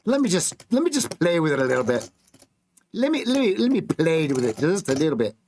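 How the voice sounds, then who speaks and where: A man's voice: a little high, very animated, fast, a little mellow, slight background noise. Blunt man calling live trades. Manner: clipped, blunt market calls with slang. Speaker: trading coach streaming live. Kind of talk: live trading commentary.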